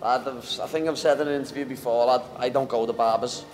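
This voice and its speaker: A man's voice: mid-range voice, steady tone, fast talker. Cocky young Liverpool man, brash banter. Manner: cocky, banter-heavy, says "lad" constantly. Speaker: MMA fighter. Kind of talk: casual interview.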